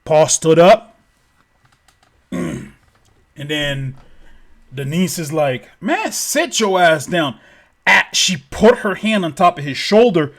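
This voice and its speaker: A man's voice: on the high side, a bit bright. A man telling a story casually, rambling with lots of "like" and swearing freely.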